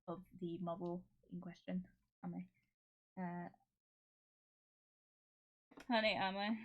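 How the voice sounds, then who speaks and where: A woman streamer chatting casually to her viewers, excitable and giggly, rambling with lots of fillers. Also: fairly low pitch. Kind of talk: casual live-stream chat.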